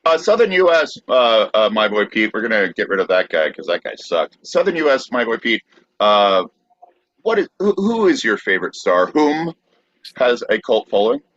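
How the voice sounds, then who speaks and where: A man's voice: on the low side, big pitch swings, moderate pace, a bit bright, no echo. A man co-hosting a podcast, teasing in casual banter over a video call. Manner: playful, teasing. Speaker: podcast co-host. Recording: dull, muffled dry sound.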